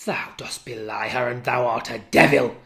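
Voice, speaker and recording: A man's voice: fairly even intonation, normal speed, creaky, a bit bright. A man voicing a loyal, outraged maidservant in a raised voice, crying out in alarm. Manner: high, cries out in alarm. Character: loyal, outraged female servant, middle-aged. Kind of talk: dramatic reading of a play.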